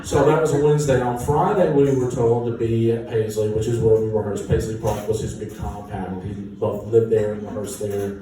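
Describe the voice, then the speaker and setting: A band musician telling an animated, self-mocking story with frequent laughter. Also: male voice, lowish voice, normal speed, hardly any pauses, faint music behind. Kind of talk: casual anecdote storytelling. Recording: echoey room, distant mic, noisy.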